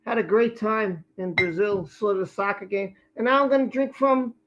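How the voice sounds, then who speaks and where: A man's voice: high-pitched, moderate pace, fairly bright tone, lo-fi sound. A man hosting a live stream from his home, chatting loosely while he eats and talks about his food. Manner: rambling, chatty, and talking with food. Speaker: livestream host. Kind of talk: casual chat while eating on a live stream.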